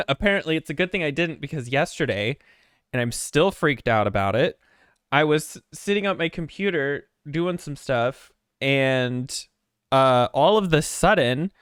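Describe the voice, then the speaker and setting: A man's voice: a little high, a bit bright, clear, resonant tone, no echo, studio quality. A man streaming from his apartment desk, chatting in a rambling, jittery way with lots of swearing and self-mockery. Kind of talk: casual chat before a game stream.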